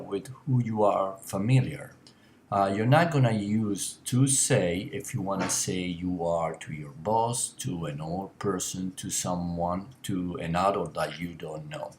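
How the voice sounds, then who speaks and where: A man teaching an elementary language lesson on a screencast, explaining patiently and slowly with frequent uh and um. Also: low-pitched, darkish tone, reverberant, slight background noise. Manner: slow, patient explaining with many uh and um.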